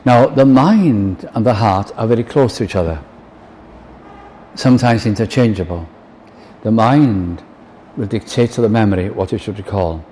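A man's voice: fairly low pitch, darkish tone, a little hiss or hum. An older man preaching a sermon, earnest, quoting hymn lines and acting out little dialogues. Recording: long reverb in a large hall, faint ambience.

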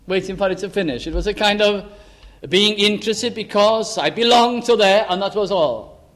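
An older man preaching a sermon into a microphone, fervent, rising to emphatic exclamations and dropping to soft asides. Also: high voice, moderate pace. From Lancashire, England. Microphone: amplified microphone.

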